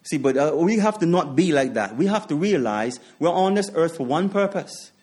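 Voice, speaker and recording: A man's voice: on the high side, animated, normal speed, a little mellow. A man preaching a sermon, repeating his points with emphasis, asking rhetorical questions and sharing personal stories with chuckling asides.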